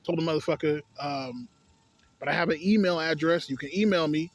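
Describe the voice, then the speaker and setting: A man's voice: a little high, a little fast. A young adult man telling a story in a casual, profane rant, exasperated and breaking into laughter between complaints.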